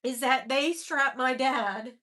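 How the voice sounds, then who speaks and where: Woman, livestream host, high voice, candid emotional storytelling, casual and sweary. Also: takes it slowly, sharp tone. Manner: casual, candid, swears, calls viewers "girl"; emotional, greets viewers from chat.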